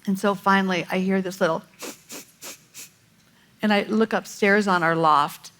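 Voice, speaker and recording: A middle-aged woman telling a lively, laughing family story in a church message. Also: medium pitch, measured pace. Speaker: pastor's wife sharing a story. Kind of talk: sermon storytelling. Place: church stage.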